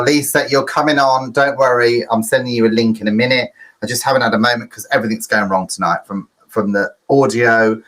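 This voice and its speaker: A man's voice: mid-range voice, a bit bright, low-quality recording. Male quiz host, rambling and chatty, easily flustered. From United Kingdom. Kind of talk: live-streamed pub quiz hosting.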